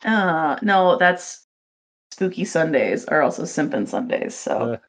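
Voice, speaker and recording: A woman co-hosting a podcast in casual chat, playful and quick to laugh. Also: sits low, sing-song. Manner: laughs easily, unhurried, playful. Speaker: podcast co-host.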